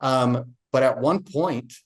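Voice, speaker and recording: A man's voice: mid-range voice, takes it slowly. A man guest on a podcast, earnestly recounting a personal story with frequent fillers and restarts. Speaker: podcast guest, real estate agent.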